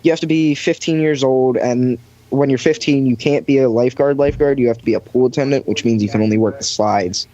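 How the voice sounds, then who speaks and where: A man's voice: mid-range voice, steady tone, brisk, warm tone, no room sound. A young man rambles through a story on a casual podcast, leaning on fillers and putting on voices for the people he quotes. The recording is dry and a little dull, like a cheap mic in a small space. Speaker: podcast guest recounting lifeguard job. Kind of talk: casual chat.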